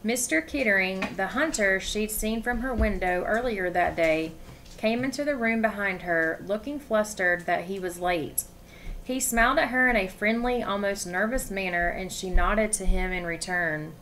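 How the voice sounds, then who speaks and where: A woman reading a novel aloud with expression, pausing to ask her listeners questions. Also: medium pitch, fairly bright tone, slight background noise. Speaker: story reader.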